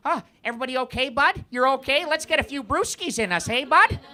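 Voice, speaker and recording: A man's voice: very high voice, animated, fairly quick, sharp tone, a faint crowd, voice pushed up, full character voice. A man voicing a friendly, folksy man, chummy and matey. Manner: chummy, calling people bud. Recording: live club recording with background noise.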